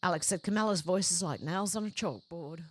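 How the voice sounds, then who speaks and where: A woman's voice: lowish voice, a little fast. A woman hosting a livestream, reading out viewers' chat comments one after another and adding short conversational reactions of her own. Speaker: livestream host.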